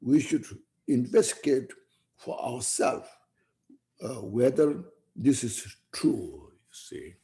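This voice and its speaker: A man giving a Dharma talk as a Buddhist teacher, reflective and unhurried, often tagging his points with "you see" and "you know.". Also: medium pitch, expressive, dark tone.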